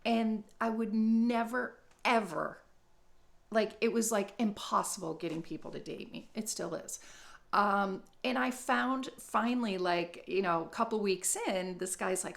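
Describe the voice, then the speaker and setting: A woman's voice: medium pitch, unhurried, vocal fry. A middle-aged woman vlogging, talking bluntly and profanely in a rambling, comedic monologue.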